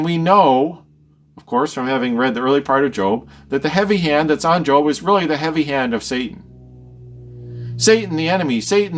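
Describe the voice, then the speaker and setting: Higher-voiced man teaching scripture. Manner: explains and rephrases each verse. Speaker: Bible teacher. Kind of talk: verse-by-verse Bible study.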